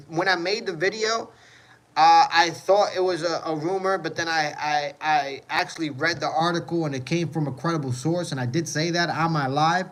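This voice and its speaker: A man's voice: a little high, normal speed, fairly bright tone, poor audio. A man hosting a casual livestream, reading chat comments and answering in a rambling way, often repeating "you know what I mean".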